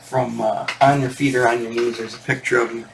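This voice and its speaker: Man, mid-pitched voice, casual rambling chat, faint noise behind. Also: level tone, fairly quick, vocal fry. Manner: rambling, digressive storytelling. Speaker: record collector channel host.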